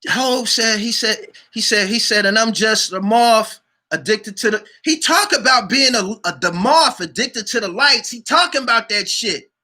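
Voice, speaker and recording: Animated New man ranting. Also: high-pitched, moderate pace. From New York City. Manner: animated, profane street slang, repeats phrases. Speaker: online show host. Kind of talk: casual vlog rant.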